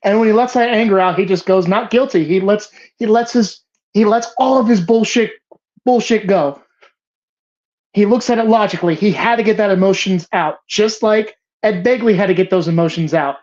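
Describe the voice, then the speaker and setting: This movie bracket show host chats about films with real passion, emphatic, cursing a lot and restarting her sentences as she rambles. Her voice is medium-pitched and a little mellow, at normal speed, captured in slightly dull lo-fi audio.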